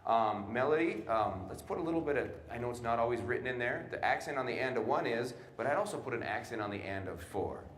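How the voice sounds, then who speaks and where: A man coaching a student jazz band in a large concert hall, giving brisk instructions and scatting the rhythms he wants. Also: mid-range voice, expressive, slight background noise. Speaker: jazz clinician. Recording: roomy hall with band behind.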